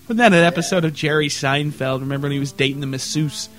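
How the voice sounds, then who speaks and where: High-voiced swearing podcast co-host man. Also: fast, soft background music. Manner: profane, animated storytelling. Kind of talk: casual chat.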